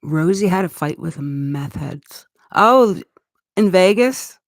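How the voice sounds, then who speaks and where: A woman's voice: lowish voice, animated, slow pace, no echo, clean studio sound. A middle-aged woman from Eastern Canada with a Canadian accent, chatting casually on a live stream in a rambling way and laughing often. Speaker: livestream host.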